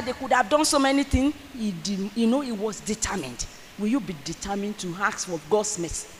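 Fervent preacher with a lively, bright voice. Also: mid-range voice, in a large hall. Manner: fervent, repeats lines for emphasis, often bursts into shouts. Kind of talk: sermon.

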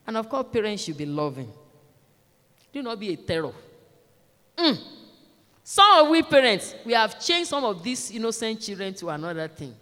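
In a large church, a woman preaches a sermon in a fairly high, sing-song, sharp-toned voice, speaking at normal speed with frequent pauses. She addresses the congregation directly, emphatically urging them and repeating her exhortations, and long church reverb fills the recording.

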